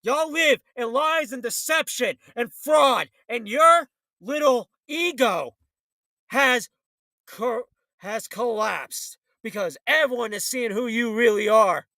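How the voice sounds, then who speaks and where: A man's voice: very high-pitched, expressive, slow pace, bright, forceful tone, no echo. A man hosting a political talk show, ranting in a fiery, blunt, combative way.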